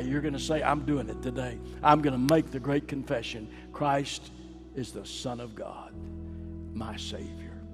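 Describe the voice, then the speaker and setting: A man preaching a sermon and leading an altar call, rising to ringing climaxes and dropping to hushed pleading. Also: fairly high pitch. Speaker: pastor. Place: large church sanctuary. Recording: long hall reverb.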